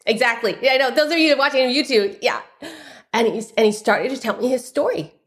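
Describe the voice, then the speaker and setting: Animated middle-aged woman telling her story. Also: a little high, fairly quick. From San Francisco, USA. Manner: animated, acts out the voices of people in her stories. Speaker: guest author. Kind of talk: personal storytelling in a podcast interview.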